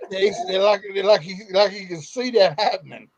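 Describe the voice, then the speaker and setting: A man's voice: sits high, normal speed, low-quality recording. A man casually telling a story among friends, stammering and repeating words as he goes.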